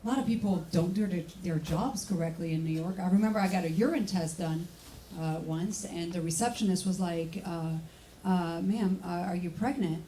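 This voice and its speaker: A woman from France with a French accent, performing a stand-up comedy set with deadpan punchlines. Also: fairly low pitch, moderate pace. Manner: deadpan punchlines, mocking voices for others. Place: comedy club stage. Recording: live club recording with noise, mic at a distance. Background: audience laughter.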